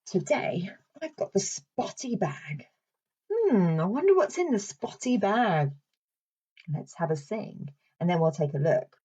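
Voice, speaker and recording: A woman's voice: medium pitch, very animated, unhurried, warm tone, slightly rough, highs cut off. A woman with a British accent, a speech and language therapist leading a children's session in a playful, sing-song way. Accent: British English.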